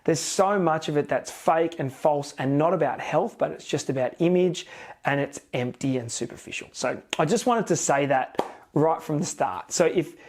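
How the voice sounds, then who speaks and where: Frank man, slightly high voice. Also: normal speed, a little mellow. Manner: frank, emphatic, plain-spoken. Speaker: fitness and diet coach. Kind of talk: casual talk to camera.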